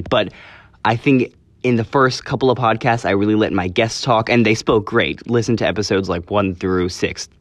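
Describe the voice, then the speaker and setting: A low-sitting young male voice, free of echo, belongs to a teenager hosting his own podcast. He talks casually on his own, meandering earnestly and revising his words mid-sentence.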